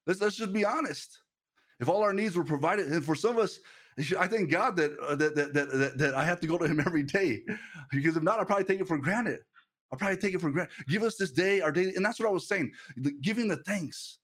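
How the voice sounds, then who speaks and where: A man preaching a sermon as pastor, talking conversationally with lots of repeated words and restarts, and telling personal stories with a laugh here and there. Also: high voice.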